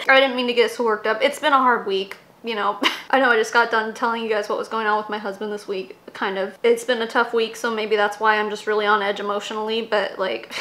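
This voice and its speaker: A woman's voice: a little high, steady tone, a little fast, fairly bright tone, roomy sound. A young adult woman hosting a casual commentary vlog, emotional and swearing a lot. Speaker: YouTube host.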